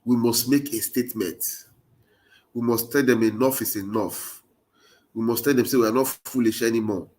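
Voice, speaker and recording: This man, a political commentator with a Nigerian Pidgin accent, has a mid-range, slightly mellow voice with fairly even intonation and normal speed. He delivers an impassioned political monologue, urging listeners on through repeated rallying phrases.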